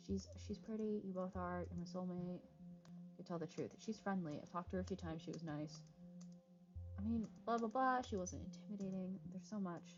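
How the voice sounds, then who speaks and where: A woman's voice: fairly low pitch, a little fast, a little mellow. A woman streamer playing a game, reading dialogue choices aloud with casual jokes and frequent swearing. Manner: reads dialogue choices aloud, swears freely, jokey asides. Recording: slightly dull lo-fi stream audio with faint music.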